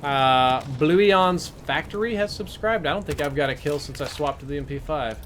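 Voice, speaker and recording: A man's voice: a little high, normal speed, noisy background. A man giving casual live-stream commentary as he plays, chatty and answering chat between plays. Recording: game gunfire under the voice.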